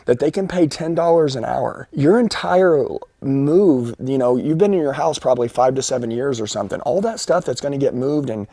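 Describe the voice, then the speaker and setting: A man making a persuasive sales pitch over the phone, pushy and reassuring, repeating his promises. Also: animated, normal speed, warm tone, no room sound. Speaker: sales trainer on a live sales call.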